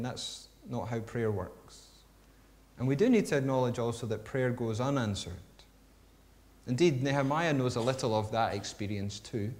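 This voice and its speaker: Man preaching with expressive storytelling. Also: medium pitch. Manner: expressive storytelling, swinging between hushed and emphatic. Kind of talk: sermon with a read-aloud story.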